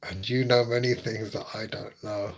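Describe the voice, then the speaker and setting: A man's voice: fairly low pitch, flat delivery, moderate pace, vocal fry, a little hiss or hum, poor audio. A man chatting casually with his live-stream viewers, laughing often and teasing them.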